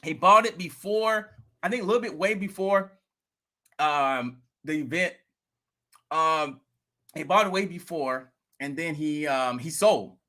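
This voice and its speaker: A man hosting a crypto vlog, telling a rambling, animated story in casual talk. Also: on the high side, unhurried. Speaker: crypto video host.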